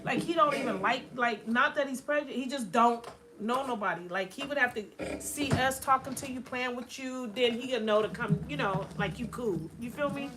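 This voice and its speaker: Rambling higher-pitched woman in a nail salon. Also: moderate pace, hardly any pauses. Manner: rambling, heavy with filler phrases. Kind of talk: casual storytelling chat. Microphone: phone livestream. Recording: clear nail sanding noise behind.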